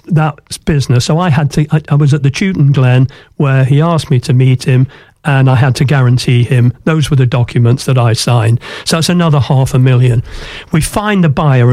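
A man's voice: medium pitch, normal speed, darkish tone, no room sound. A man who once owned a football club looks back on his story in an interview, in an anecdotal way with frequent "you know" fillers.

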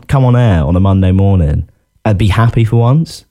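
A man's voice: sits low, animated, normal speed, dark tone. A man co-hosting a casual football podcast, chatty and self-deprecating, often laughing. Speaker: podcast co-host.

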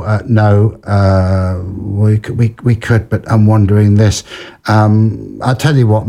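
A man presents a small radio show, musing aloud and teasing his listeners with dry, self-mocking jokes. His voice sits low and mellow, and he keeps circling back on his own words. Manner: rambling, dry, jokey, many restarts and fillers. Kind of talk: self-deprecating radio patter.

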